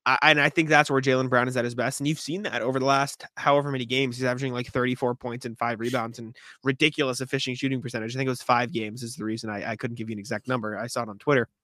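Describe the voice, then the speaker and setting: Man, podcast co-host, casual chat, bright tone, dry recording, hiccups, rambling restarts. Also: mid-range voice, flat delivery, dry recording. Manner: rambling, quick restarts, frequent throat clearing.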